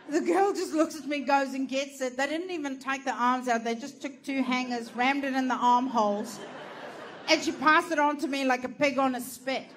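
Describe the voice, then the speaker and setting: A woman's voice: sits high, slight background noise. An Australian woman doing stand-up storytelling, brash and sweary, laughing through her punchlines. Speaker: stand-up comedian.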